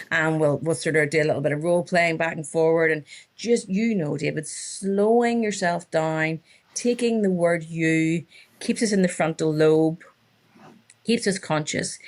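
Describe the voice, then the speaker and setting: Woman in her fifties, relationship coach, animated storyteller, slightly low voice. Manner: animated storyteller acting out clients' lines. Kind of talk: casual podcast interview.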